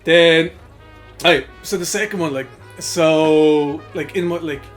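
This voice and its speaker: Rambling, swearing Irish podcast host. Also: male voice, fairly high pitch, fairly even intonation, slow, soft background music. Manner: rambling anecdotes full of fillers and swearing, bursts of laughter. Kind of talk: casual chat, storytelling.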